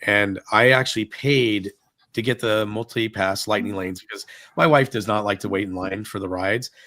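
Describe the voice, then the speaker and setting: A middle-aged man casually telling a long story on a podcast, acting out what everyone said with lively shifts. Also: fairly low pitch, moderate pace, no room sound. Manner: animated retelling, acting out dialogue.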